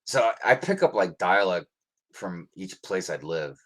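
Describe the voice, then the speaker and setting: A man's voice: sits low, normal speed. An American man co-hosting a livestream, chatting casually and rambling with lots of ums. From United States. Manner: relaxed, rambling with many ums. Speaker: livestream co-host. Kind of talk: casual chat.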